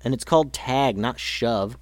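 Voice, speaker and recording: A man's voice: medium pitch, measured pace, no room sound, close to an everyday voice. A man doing a blunt, matter-of-fact boy. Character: blunt, level-headed boy.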